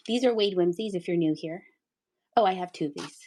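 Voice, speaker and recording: A woman's voice: lowish voice, fairly quick, mellow. A middle-aged woman from Pennsylvania hosting a live-stream sale, chatty and playful, with giggles and sing-song asides. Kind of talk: casual live-sale chat.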